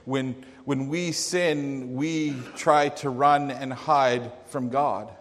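A man's voice: medium pitch, fairly even intonation, very slow, in a large hall. A man preaching a sermon in a storytelling manner.

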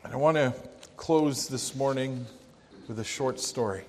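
A man pastor delivering a sermon in a church, telling a story with dramatic pauses. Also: medium pitch, a little mellow, a little hiss or hum. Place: church sanctuary. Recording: long church reverb.

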